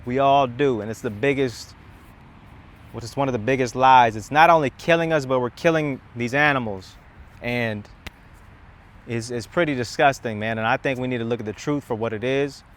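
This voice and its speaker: A man's voice: medium pitch, moderate pace. A young man speaking in a casual, rambling monologue, impassioned and emphatic, often repeating words and restarting his sentences, recorded outdoors in a city. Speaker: content creator.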